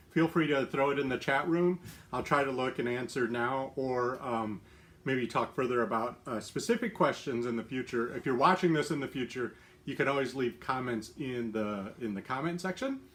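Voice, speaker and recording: A man's voice: mid-range voice, moderate pace, fairly bright tone. A middle-aged man hosting a casual live stream from his home, chatty and upbeat, laughing often and using plenty of fillers. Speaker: lifestyle livestream host.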